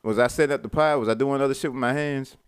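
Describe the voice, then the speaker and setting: A man co-hosting a podcast, blunt and animated in casual banter. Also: mid-range voice, fast talker, smooth. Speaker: podcast co-host.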